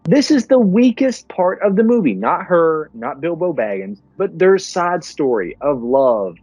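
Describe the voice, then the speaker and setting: A man with a fairly high voice retells film scenes in profane, lively podcast banter. Faint music sits under his dry, close-miked voice. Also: measured pace, husky, no room sound, muffled recording. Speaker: podcast co-host. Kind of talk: casual movie-review chat.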